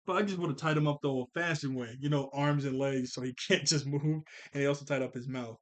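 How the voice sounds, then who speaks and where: A man casually recapping and reviewing a cartoon episode, laughing often and slipping into quick character voices. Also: medium pitch. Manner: animated, laughs often, jumps into character voices when quoting.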